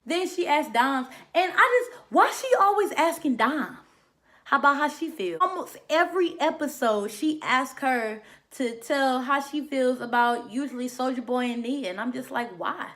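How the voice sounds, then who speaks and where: A woman's voice: high voice, animated, moderate pace, a bit bright. Sassy, profane woman recapping reality TV. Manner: mocks people by mimicking their lines. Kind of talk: casual episode review commentary.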